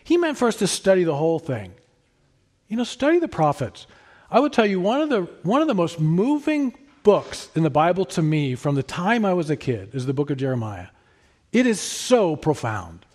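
A man preaching a sermon in an earnest, emphatic way, rising to stress his points and then dropping soft. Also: on the high side, sing-song, normal speed. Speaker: pastor.

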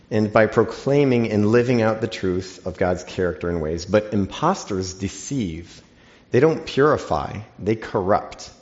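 A man's voice: fairly low pitch, a little mellow. A man preaching a sermon in an earnest teaching manner, reading scripture aloud to his listeners. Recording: dull lo-fi recording.

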